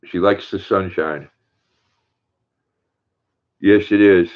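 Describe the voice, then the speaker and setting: An older man with a fairly low voice hosts a relaxed livestream, chatting easily and cooing fondly to his dog between viewer comments. The sound is thin and tinny, like a phone call. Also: slow. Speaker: livestream host. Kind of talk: casual livestream chat.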